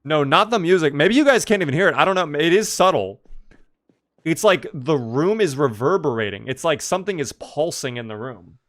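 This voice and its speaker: A man's voice: a little high, animated, a little fast, fairly bright tone. A young man casually chatting through a live gameplay stream, reacting to the game and answering his chat.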